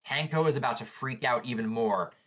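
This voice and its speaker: A man's voice: medium pitch, brisk, a bit bright. A man hosting a live manga reaction, describing the panels aloud and reacting with shock to what he reads.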